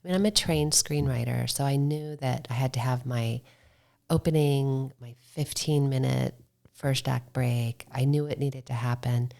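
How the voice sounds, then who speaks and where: Low gravelly woman telling stories. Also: measured pace. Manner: animated storytelling, quotes herself. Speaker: podcast guest, filmmaker. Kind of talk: casual interview chat.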